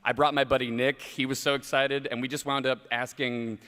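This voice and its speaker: Man, smooth resonant voice, mid pitch, excited rambling fanboy talk. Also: brisk. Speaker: actor on a game panel. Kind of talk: panel anecdote.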